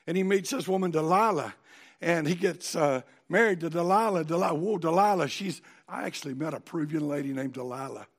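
A man preaching a sermon in a folksy, animated storytelling manner. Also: on the high side, brisk. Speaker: pastor.

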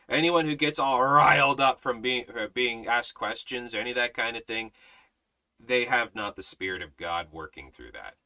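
A man's voice: mid-range voice, normal speed, pushed and bright, low-quality recording. A man teaching a Bible study in a sermon style, emphatic, repeating phrases and restarting often.

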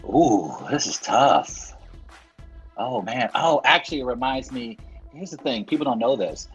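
A man co-hosting a talk show who tells absurd comic stories in a deadpan way. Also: medium pitch, unhurried, breathy edge, highs cut off, soft background music. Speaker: co-host. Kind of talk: comedic talk-show bits.

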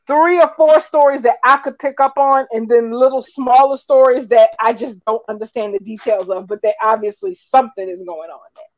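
Woman, high voice, casual soap talk, lively retelling, muffled lo-fi sound. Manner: animated recapping, acts out quoted lines. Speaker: soap opera podcast co-host. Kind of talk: casual chat. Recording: dull lo-fi audio.

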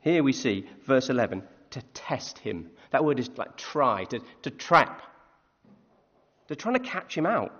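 A man preaching a conversational sermon, animated, often asking his listeners questions. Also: mid-range voice, unhurried. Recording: echoey hall, dull lo-fi sound.

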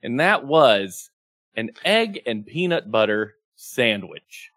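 A man on a podcast as a guest, chatting casually and telling a story with lively quoted asides. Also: medium pitch, takes it slowly, dry recording, clean studio sound. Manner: animated storytelling, acting out his own quotes. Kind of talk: casual chat. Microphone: remote, streaming in.

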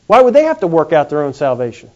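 A man preaching a sermon in a folksy, animated way. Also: fairly high pitch. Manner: folksy, animated, acts out quick comic voices. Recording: dull lo-fi recording.

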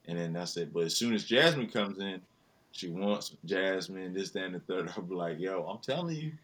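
A man's voice: low-pitched, expressive, moderate pace, a bit bright. A young man, a father, chatting casually about his daughter in a slangy, profane, laid-back way. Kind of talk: casual chat.

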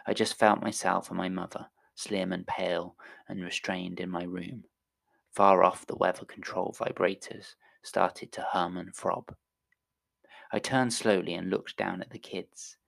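Low gravelly guy reading a sci-fi story, quiet and close, drops to whispers. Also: little pitch movement, measured pace. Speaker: narrator. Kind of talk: solo reading of a science-fiction story.

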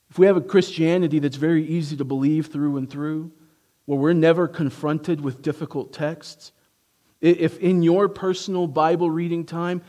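A man preaching a sermon, emphatic and swinging from hushed to forceful, who asks his congregation rhetorical questions. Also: fairly high pitch.

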